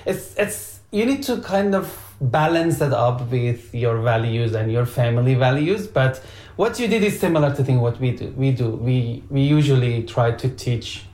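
A man's voice: medium pitch, animated, normal speed, darkish tone. Earnest man stammering through an explanation. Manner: earnest, explains with analogies, frequent stammered repeats. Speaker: podcast co-host and father. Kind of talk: casual conversation, explaining opinions. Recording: roomy echoey room.

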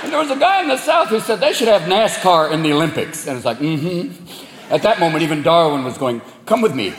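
A male stand-up comedian, profane and animated, performing a set on a club stage. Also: on the high side, heavy background noise. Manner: profane, animated, rapid voices. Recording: echoey club with loud crowd laughter.

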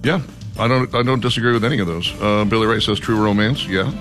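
A man hosting a talk radio show, reading listener picks in a relaxed, drawling way with lots of ums and uhs. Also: fairly low pitch, fast talker, over music. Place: radio studio.

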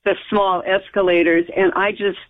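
A woman's voice: mid-range voice, level tone, normal speed. An American woman, a guest, recounting a personal story in conversation, emphatic and rambling with frequent restarts. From United States. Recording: tinny phone-line audio.

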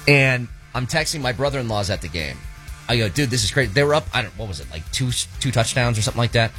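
Animated man leading a sports chat. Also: fast, soft background music. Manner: animated, swooping pitch when excited. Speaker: sports talk host.

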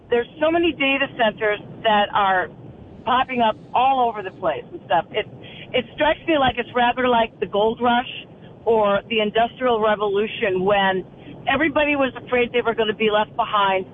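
A man's voice: very high voice, normal speed. A male caller on a radio show voicing his worry, asking question after question. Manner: worried, questioning. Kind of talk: call-in radio talk. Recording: tinny phone line with faint noise.

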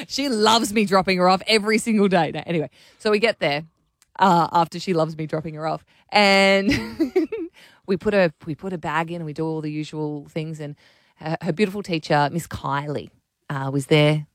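Woman, radio co-host, animated storyteller, dry studio sound, laughing often. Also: fairly low pitch, normal speed, no echo. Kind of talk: casual radio chat.

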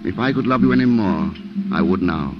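A steady, devoted husband in a vintage radio play, his voice somewhat low and reassuring. Loud music runs under the dull, lo-fi broadcast. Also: brisk. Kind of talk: 1940s radio acting.

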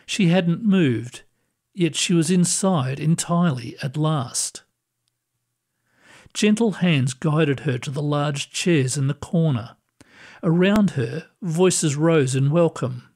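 A man narrating a scripted story in a calm, measured, gentle manner. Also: fairly high pitch.

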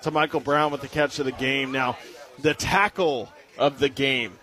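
A man's voice: mid-range voice, steady tone, moderate pace, pushed and bright. A young man giving upbeat post-game sports commentary, joking and correcting his own slips as he goes. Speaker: play-by-play commentator.

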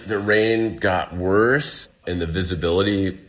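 A man's voice: low-pitched, fairly even intonation, unhurried, fairly bright tone. A man telling a story in a casual way. He acts out the dialogue and says "like" a lot. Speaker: interview guest.

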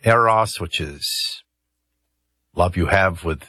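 A man's voice: low voice, slow, pushed and bright, breathy edge, dry recording. A man hosting a talk radio show, commenting conversationally with rambling asides and hesitations into a studio microphone.

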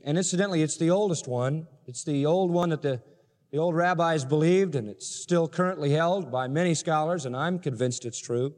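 A man's voice: a little high, a little mellow. A man preaching an expository sermon, explaining scripture verse by verse with emphatic teaching. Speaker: pastor. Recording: long hall reverb.

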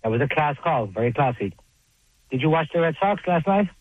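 Regular guy on the radio show, high-ish voice, pokes the host, phone line sound. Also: lively intonation, a little fast, no echo. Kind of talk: sports radio banter.

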